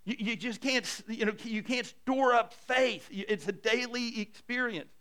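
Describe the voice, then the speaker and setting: A middle-aged male pastor preaching a conversational sermon. He often repeats his first words and drops to a hushed voice to stress a point. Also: extremely high pitch, normal speed.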